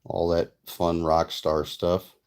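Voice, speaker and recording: A man speaks in a casual vlog, loosely telling a family story with plainspoken, profane asides. His voice sits very low, and it has a rough, crackling fry. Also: completely flat delivery, takes it slowly, a little mellow. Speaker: vlogger and father.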